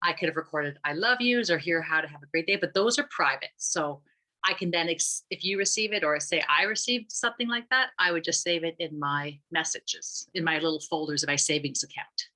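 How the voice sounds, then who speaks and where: Speaking briskly in a low voice that sounds pushed and bright, a woman explains the app she founded. It's a loose, rambling explanation with frequent restarts and fillers, captured on a low-quality recording.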